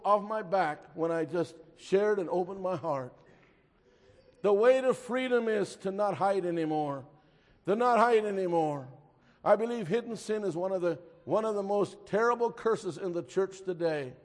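High-voiced man preaching a sermon in a reverberant hall. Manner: storytelling, rising to emphatic exhortation, drops to a hush.

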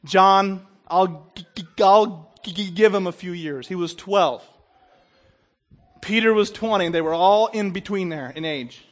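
A man preaching a sermon who stumbles and repeats the starts of words, keeps asking "okay?", and swings between loud emphatic bursts and quiet low asides. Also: unhurried. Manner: stumbles and repeats opening sounds, checks in with "Okay?".

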